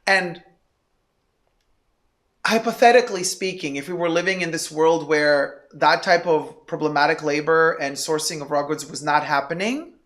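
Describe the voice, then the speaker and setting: A man who is a guest in a casual chat. He tells stories in a lively, playful way. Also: fairly high pitch.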